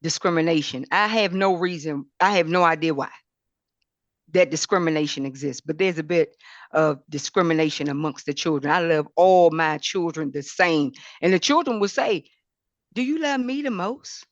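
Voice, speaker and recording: A low-voiced woman speaks at normal speed as a podcast guest, delivering an impassioned, preacherly talk that repeats words and swells and falls in emphasis. The recording is dry with the highs cut off.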